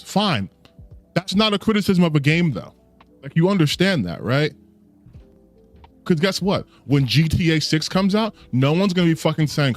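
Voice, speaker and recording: A man's voice: on the high side, big pitch swings, moderate pace, soft background music. A man ranting bluntly about video games in exasperated, profane commentary. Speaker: gaming commentator.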